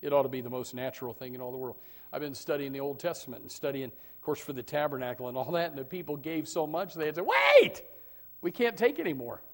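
A man preaching a sermon as pastor, who repeats his words and swings from loud, shouted points to quiet asides. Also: mid-range voice, fairly even intonation, fast talker.

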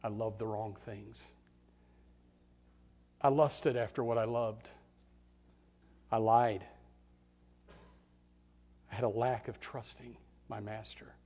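Brief: a preacher putting on a remorseful leper dad, hushed and halting, pitched a touch low. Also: male voice, breathy edge. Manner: quiet, halting confession. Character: ashamed, regretful adult leper father.

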